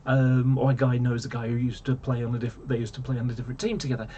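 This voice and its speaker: A man's voice: mid-range voice, fairly even intonation, quick pace, warm tone, dull audio, slight background noise. A man ranting casually to camera, rambling and exasperated, full of fillers and restarts. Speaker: vlogger.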